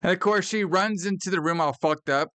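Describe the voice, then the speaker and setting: Bright-voiced man recapping a film casually. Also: high voice, brisk, smooth, no room sound. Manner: animated, profane, acts out quoted lines. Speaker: podcast co-host. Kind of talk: casual movie recap chat.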